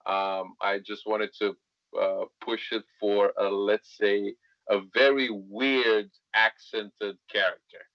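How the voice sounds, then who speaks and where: A man's voice: lowish voice, little pitch movement, slow pace, dry recording, muffled recording. A male actor whose first language is not English, chatting as a guest and rambling with many fillers and "right?" tags. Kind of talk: casual interview chat.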